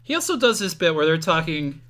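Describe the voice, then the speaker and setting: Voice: mid-range voice, very animated, a little fast, a bit bright. A podcast co-host casually recapping a horror movie scene by scene, joking and acting out the lines. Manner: jokey, narrates scenes and acts out the lines.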